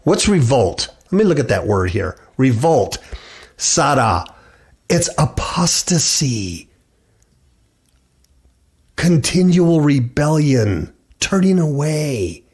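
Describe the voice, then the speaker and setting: A man's voice: a little high, big pitch swings, slow, pauses often, a little mellow, husky. A middle-aged man hosting a radio show, preaching and reading scripture aloud. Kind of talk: preaching bible commentary.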